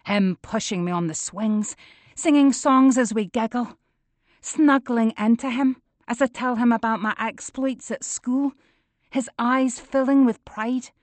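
Slow, intense woman narrating. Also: a little high, darkish tone, no echo. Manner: intense and emotional, building to anger. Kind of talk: first-person audiobook narration.

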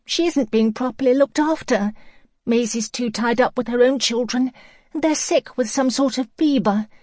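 A woman's voice: fairly high pitch, normal speed, a little mellow, no echo, studio quality, pitched above the performer's own voice, natural voice. A woman voicing a distraught young woman, anxious and pleading in an audiobook. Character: distraught young woman worried about a baby. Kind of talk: audiobook character voice.

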